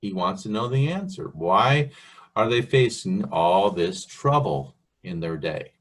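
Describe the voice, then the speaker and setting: Slow, husky-voiced male preacher. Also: deep voice, lively intonation. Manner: slow, earnest, asks the listener questions. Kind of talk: sermon, Bible teaching.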